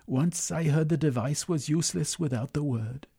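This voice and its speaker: A man voicing a weary, determined woman who speaks in a steady, resigned way. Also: a little high, normal speed, gravelly, breathy edge, voice pushed up.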